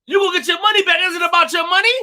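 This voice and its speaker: A man's voice: very high voice, steady tone, racing, bright, forceful tone. A man hosting a live stream, talking emphatically, repeating himself and addressing his chat directly. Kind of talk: animated live stream commentary.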